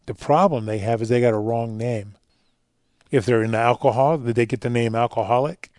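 Man, radio interview guest, earnest storyteller, mellow dark tone, dry close sound. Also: medium pitch, fairly even intonation, moderate pace, no echo. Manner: earnest, storytelling, drops quiet for emotional parts. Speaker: guest speaker on fatherhood and faith.

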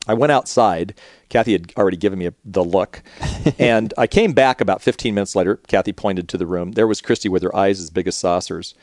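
A middle-aged man hosting a radio show, telling a candid personal story in relaxed conversation. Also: deep voice, no room sound, clean studio sound. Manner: candid, storytelling, quick-paced.

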